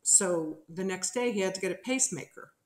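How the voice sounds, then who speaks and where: A middle-aged woman from New Jersey, a podcast guest telling a story in a lively, animated way and acting out the people in it. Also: mid-range voice, fairly quick. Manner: animated storyteller who acts out quotes. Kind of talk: casual storytelling interview. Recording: roomy echo.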